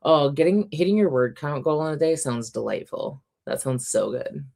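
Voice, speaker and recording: A woman hosting a casual reading livestream at home, chatty and quick to laugh, her voice a little sore and scratchy. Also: deep voice, expressive, creaky, warm tone. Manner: chatty, reads out chat comments, laughs often. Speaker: reading sprint livestream host.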